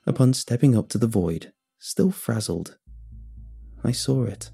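Husky-voiced man narrating a horror tale. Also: fairly low pitch, slow pace, pauses often, dark tone, faint music behind. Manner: dramatic, suspenseful reading. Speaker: storyteller. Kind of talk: first-person horror story narration.

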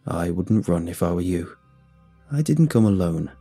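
A man voicing a calm, menacing male government agent who talks in a cool, measured, threatening way. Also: sits low, breathy edge, faint music behind, heavily acted.

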